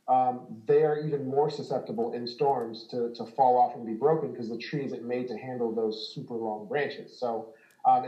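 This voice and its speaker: Reverberant, with the highs cut off, the audio carries a man's mid-range voice. He hosts a casual home repair business chat, explaining in a relaxed, filler-heavy way with many ums and small laughs.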